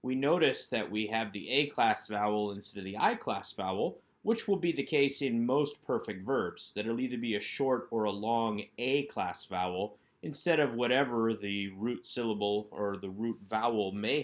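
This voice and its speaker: A man with a fairly low voice leads a recorded workbook lesson. He works through each item step by step, first posing a question and then answering it himself. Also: moderate pace. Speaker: Hebrew instructor.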